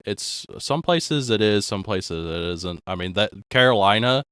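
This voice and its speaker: A man chatting casually on a stream, low-key and often trailing off into quiet asides. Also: lively intonation, a little slow, smooth, dry recording, studio quality. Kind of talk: casual chat.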